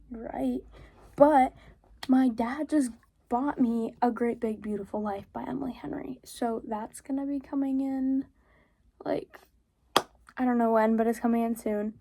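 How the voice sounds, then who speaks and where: Teen girl vlogger, high gravelly voice, unhurried filler-laden chatter with whispered asides, porch phone recording. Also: warm tone. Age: teens. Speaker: reading vlogger. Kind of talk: casual reading vlog chat. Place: home porch, outdoors.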